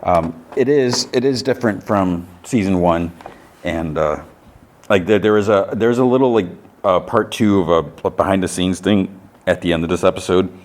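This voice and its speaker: Deep-voiced man recapping an episode. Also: moderate pace, darkish tone, a little hiss or hum. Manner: loose, meandering recap. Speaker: podcast co-host.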